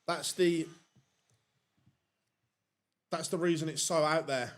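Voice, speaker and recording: A man's voice: a little high, steady tone, takes it slowly. A man giving casual live commentary on a darts tournament, chatting and answering viewer questions.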